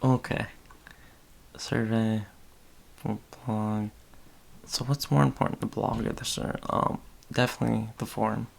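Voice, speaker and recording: A man's voice: lowish voice, fairly even intonation, a little slow, creaky, pauses often. A man with a Boston accent, a podcast host rambling distractedly and muttering to himself while he works on a casual livestream.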